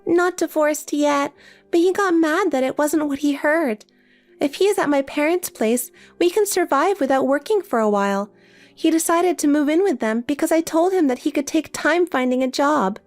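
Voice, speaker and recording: A woman's voice: sits high, expressive, moderate pace. A synthetic woman's voice playing a desperate, pleading married older sister in a text story, with faint music behind. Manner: pleading, insistent.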